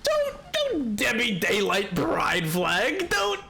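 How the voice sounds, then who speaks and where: Animated man streamer with a cold. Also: high-pitched, takes it slowly, creaky, slight background noise. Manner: animated, exasperated, joking with chat. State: has a cold. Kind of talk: live gameplay commentary.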